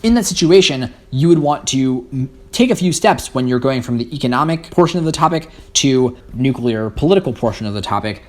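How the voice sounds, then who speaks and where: A teenage boy, a high school debate captain, explaining public speaking tips in an articulate, structured way. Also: animated, fairly quick. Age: teens. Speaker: guest student speaker.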